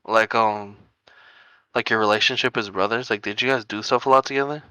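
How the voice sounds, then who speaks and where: A man's voice: fairly low pitch, fairly even intonation, a little fast, sharp tone, clear, resonant tone, no room sound. A young man co-hosting a casual podcast, telling rambling stories full of "like" and laughing often. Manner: rambling storyteller, heavy filler "like", laughs often. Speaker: podcast co-host. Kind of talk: casual chat.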